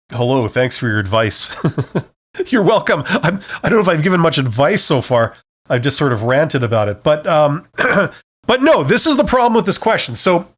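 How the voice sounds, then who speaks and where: A man's voice: a little high, fairly bright tone. Blunt man ranting on a live stream. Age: middle-aged. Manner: frank, ranting, repeats "okay?" and "right?". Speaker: career advice live streamer. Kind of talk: casual live-stream advice talk.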